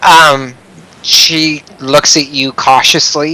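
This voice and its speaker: A man narrating as the game master of a tabletop role-play game in a relaxed, halting way. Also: fairly high pitch, low-quality recording.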